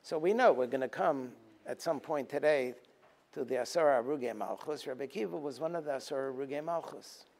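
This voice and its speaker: A rabbi giving a teaching talk, telling stories and acting out their dialogue, sometimes rising to forceful emphasis and then dropping low. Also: male voice, a little fast. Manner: storytelling, acting out dialogue in a lively voice. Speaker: rabbi and lecturer. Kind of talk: Tisha B'Av teaching talk.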